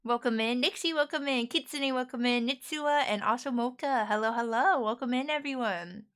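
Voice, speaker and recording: A woman's voice: on the high side, normal speed, fairly bright tone. Giggly, chatty American woman. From United States. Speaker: streamer. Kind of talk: casual chat.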